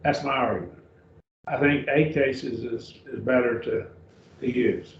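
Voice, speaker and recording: A man teaching a Greek grammar class in a church classroom, speaking slowly and deliberately, repeating and spelling out words. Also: medium pitch, vocal fry. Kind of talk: classroom lecture. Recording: echoey room, dull far-off mic, faint hiss.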